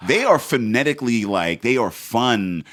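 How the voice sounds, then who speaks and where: A man's voice: medium pitch, big pitch swings, moderate pace, very noisy. A man co-hosting a podcast in a studio, talking in a rambling, playful way. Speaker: podcast co-host. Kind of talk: casual chat.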